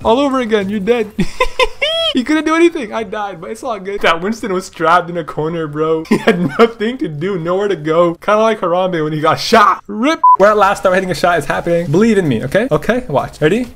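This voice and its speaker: A man's voice: high voice, fairly quick, fairly bright tone, slight background noise. A young man giving casual, playful commentary over his own gameplay, often laughing and teasing. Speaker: gaming YouTuber.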